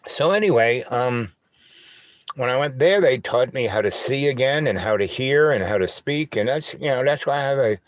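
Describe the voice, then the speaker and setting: A man hosting a casual livestream on an old phone, talking in a halting, rambling way full of fillers and "right?", with a slight lisp and twang. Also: mid-range voice, expressive, no echo. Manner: halting, filler-heavy, asks "right?" often. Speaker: livestream host.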